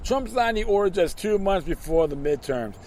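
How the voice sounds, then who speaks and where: A man's voice: high-pitched, expressive, normal speed, darkish tone, a little hiss or hum. A man reading political news aloud and breaking off into sarcastic, mocking commentary, often tripping over his words.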